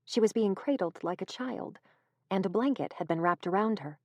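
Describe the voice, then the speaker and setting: A woman reading a horror audiobook in a measured, even storytelling manner, close to the mic. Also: mid-range voice, no room sound, lo-fi sound. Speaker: audiobook narrator. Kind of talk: scripted narration.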